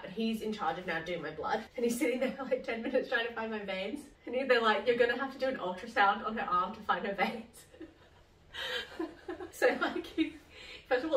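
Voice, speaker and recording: A young woman telling a story in a casual vlog, chatty and animated, saying "like" a lot. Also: mid-range voice, distant mic. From Australia. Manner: chatty, lots of "like", animated retelling. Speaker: vlogger. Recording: roomy sound from slightly off-mic, faint hiss.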